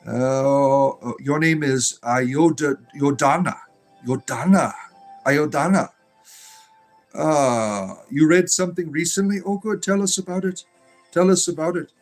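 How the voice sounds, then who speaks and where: A man's voice: a little high, unhurried, soft background music. A man casually livestreaming, reading viewer comments aloud and rambling, with many fillers, restarts and dry, dismissive asides. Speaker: livestreamer and spiritual entertainer.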